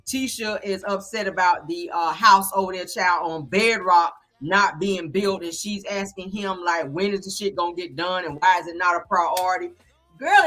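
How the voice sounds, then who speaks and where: A woman's voice: mid-range voice, fairly bright tone. A woman hosting a casual live-stream recap, talking straight to her viewers in a blunt, profane and sassy way. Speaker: reality show reviewer on a live stream.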